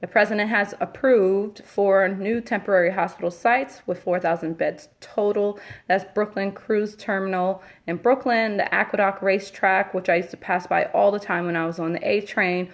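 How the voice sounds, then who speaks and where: A woman's voice: mid-range voice, fairly even intonation, moderate pace, hardly any pauses. Chatty New woman on a livestream. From Queens, New York. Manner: chatty, emphatic, breaks into an indignant rant. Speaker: Facebook Live host. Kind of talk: casual live-stream update.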